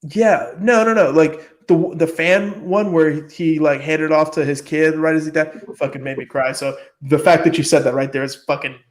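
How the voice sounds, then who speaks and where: A man's voice: fairly high pitch, fairly even intonation, normal speed, few pauses. A man chatting casually on a podcast, rambling with lots of fillers and frequent swearing. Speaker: podcast host. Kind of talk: casual chat.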